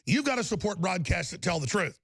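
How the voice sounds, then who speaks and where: A middle-aged man hosting a live talk radio show, ranting angrily and repeating himself, mixed with product pitches. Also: big pitch swings, fairly quick, fairly bright tone, husky, no room sound. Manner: angry, aggressive, repetitive ranting.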